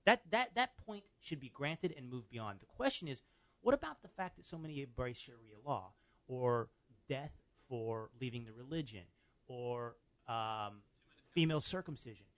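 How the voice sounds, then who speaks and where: A man's voice: mid-range voice, animated, moderate pace, no echo. A man hosting a talk radio show, arguing his points with restarts and easy laughter. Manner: argumentative, laughs easily, restarts. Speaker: radio host. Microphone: studio microphone.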